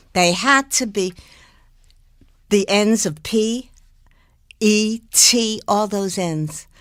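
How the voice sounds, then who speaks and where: An older woman tells showbiz stories with lively bursts of laughter, acting out sounds as she goes. Her pitch sits mid-range, and the recording is dry and close. She speaks in an everyday interview setting. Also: no echo. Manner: animated, laughing, demonstrates speech with drawn-out sounds. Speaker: guest impressionist. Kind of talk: anecdotal interview storytelling.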